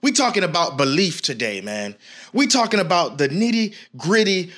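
A man giving a passionate motivational talk straight to his viewers, gritty and emphatic. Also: sits high. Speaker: motivational speaker.

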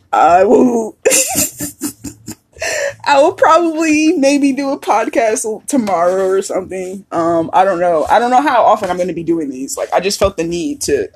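A woman's voice: fairly low pitch, slightly rough. A woman hosting a casual solo podcast, chatty and laughing often, swearing freely as she talks. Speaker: podcast host.

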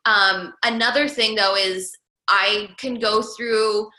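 A woman's voice: medium pitch, fairly even intonation, slow pace, bright, forceful tone, echoey room, poor audio. A woman entrepreneur and coach talking casually as a podcast guest, full of "like"s and restarts. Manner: chatty, many "like"s and restarts.

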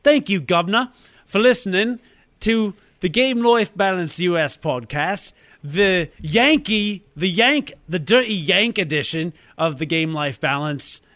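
A hammy, overplayed mock British gentleman bluffs through a show's sign-off, as a man puts him on. The voice sits higher than his usual and lands every slang word with gusto. The sound is dry and close. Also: lively intonation, normal speed, few pauses, no room sound. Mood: jokey. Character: mock British gent doing a podcast outro.

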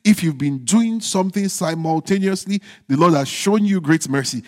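A male pastor preaching a sermon, stressing phrases slowly and dropping into low, quiet teasing asides to the congregation. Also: expressive. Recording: long hall reverb.

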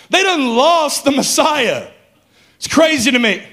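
A male pastor preaching a sermon with passion, building to shouts and calling out to his congregation. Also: very high voice, lively intonation, normal speed.

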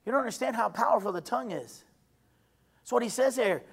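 A male preacher with a strikingly high-pitched voice delivers a sermon. He hammers his points by repeating phrases, rising to shouts and then dropping to hushed asides. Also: expressive, fast talker, gravelly, slightly rough. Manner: emphatic, repeats phrases, swings between shouting and quiet.

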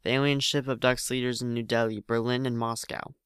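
A man's voice: medium pitch, little pitch movement, fairly quick, a bit bright, clear, resonant tone, no room sound, studio quality. A man narrating a story aloud in a plain reading voice, with frequent slips and restarts.

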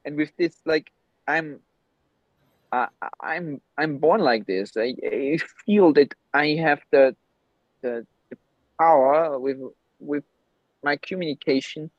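A man's voice: a little high, takes it slowly, pauses often, dry recording, dull audio. A man whose first language is German, a podcast guest, who talks emphatically and bluntly and swears often. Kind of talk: candid podcast conversation.

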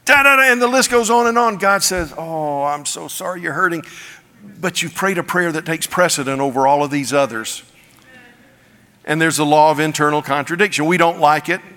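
A male pastor preaching a sermon, telling stories with folksy humor and animated delivery. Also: mid-range voice, smooth. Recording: long hall reverb.

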